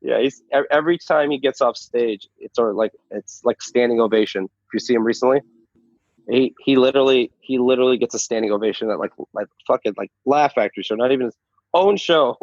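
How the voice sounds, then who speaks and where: A male stand-up comic talks loosely about his life, stumbling through restarts and dropping curse words as he goes. His voice sits at an ordinary pitch. The sound is dry and slightly muffled, like a lo-fi recording. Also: quick pace, darkish tone, no room sound. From Saudi Arabia then the U.S. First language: Arabic. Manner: stammering, restarts, swears freely, laughs often. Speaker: stand-up comedian, guest. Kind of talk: casual interview chat. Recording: dull, lo-fi sound.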